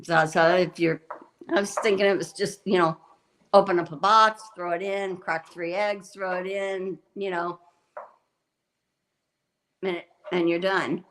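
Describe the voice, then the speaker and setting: This livestream host talks with her viewers in a rambling, chatty way while cooking, frequently laughing and restarting. Her somewhat low, a bit bright voice stays steady at a measured pace with long pauses, and the recording is low quality.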